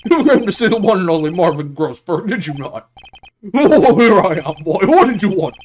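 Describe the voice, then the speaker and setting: A man voicing a pompous older male lawyer who dodges questions in a grand, drawn-out manner. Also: high voice, big pitch swings, darkish tone, voice pushed up. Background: video game music.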